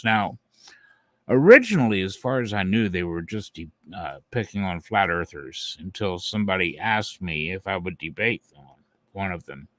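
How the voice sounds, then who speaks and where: Low, slow, mocking male streamer. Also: a bit bright, no room sound. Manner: mocking, taunting, chuckling. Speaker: channel host. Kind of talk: live stream commentary to viewers.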